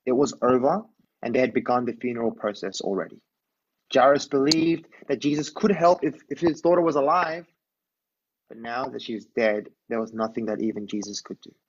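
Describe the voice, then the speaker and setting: A man's voice: mid-range voice, steady tone, brisk, husky. Man preaching a conversational sermon, lo-fi. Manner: storytelling, asks listeners to imagine, often adds "right?".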